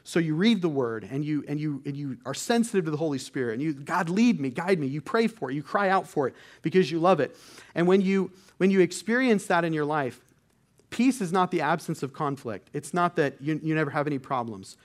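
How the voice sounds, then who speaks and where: A man's voice: on the high side, lively intonation, a little fast. Earnest male pastor preaching. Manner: earnest, conversational preaching with frequent restarts. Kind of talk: sermon.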